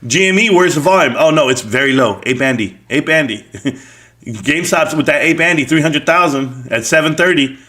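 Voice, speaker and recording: A man's voice: fairly high pitch, lively intonation, moderate pace, bright, forceful tone. A man hosting a live stream, chatting casually and reading viewer comments aloud with joking banter and frequent laughs.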